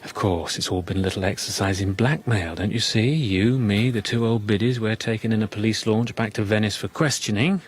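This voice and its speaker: A sardonic English husband. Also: male voice, lowish voice, brisk, few pauses, husky. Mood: mocking. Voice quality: dry sarcastic humour, turning anxious. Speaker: actor in radio drama. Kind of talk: BBC radio drama acting.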